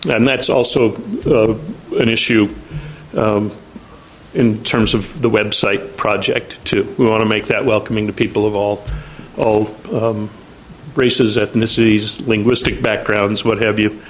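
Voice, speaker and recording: Man giving a halting meeting briefing. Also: lowish voice, flat delivery, a little hiss or hum, low-quality recording. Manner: halting, frequent ums and restarts. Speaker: agency outreach staff presenting at a meeting.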